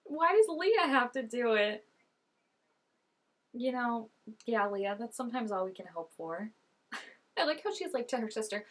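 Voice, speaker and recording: A woman's voice: fairly high pitch, lively intonation, normal speed, pauses often, fairly bright tone. A woman chatting and giggling through a TV episode, talking back to the characters on screen. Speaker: vlogger reacting to a TV episode. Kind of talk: casual reaction commentary.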